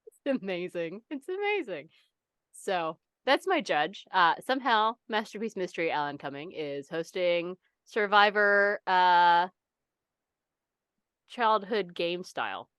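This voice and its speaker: A young woman co-hosting a casual podcast chat, animated and swearing freely as she acts out other people's reactions. Her voice is smooth and clear. It is recorded close and dry. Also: on the low side, unhurried, no echo. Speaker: podcast co-host.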